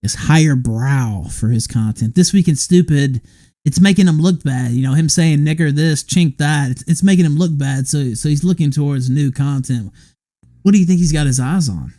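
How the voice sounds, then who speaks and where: A man's voice: a little high, normal speed, mellow. A man hosting a podcast in casual chat, asking questions with a sarcastic edge. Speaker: podcast host.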